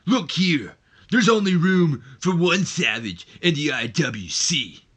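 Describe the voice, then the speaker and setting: A man doing a shouting, hotheaded wrestler. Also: fairly high pitch, expressive, slow pace, voice pushed up, heavily acted. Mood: ranting. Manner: shouting, belligerent rant. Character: loud angry male wrestler, a ranting hothead. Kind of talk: let's play character voice.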